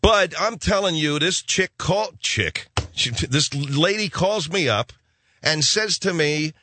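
A man's voice: a little high, expressive, slow, sharp tone. A man hosting a radio show, telling rambling stories with sarcastic jokes. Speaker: radio host. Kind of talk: comic radio monologue.

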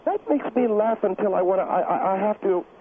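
Guy putting on a high-voiced touchy lady dance teacher, whiny and defensive, tinny phone line. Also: fairly quick, noisy background. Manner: indignant, self-pitying, rambling. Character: defensive middle-aged woman dance teacher. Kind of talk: comedic phone-in role-play.

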